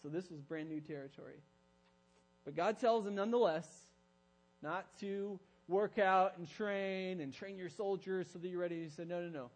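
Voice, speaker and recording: A man delivering a sermon with a voice that sits a little high for a man. He tells the story with animation, slipping into the voices of the people he quotes. A low electrical hum runs under the recording. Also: moderate pace, rough recording. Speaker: pastor.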